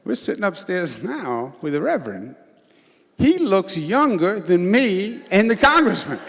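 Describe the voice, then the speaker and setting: A man's voice: sits high, big pitch swings, unhurried, vocal fry, a bit bright. A middle-aged man with a Queens New York accent, giving an informal, joking political speech to a church congregation. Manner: joking, conversational, with filler "uh"s. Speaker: governor speaking to a congregation. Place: large church sanctuary. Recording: long hall reverb, faint crowd.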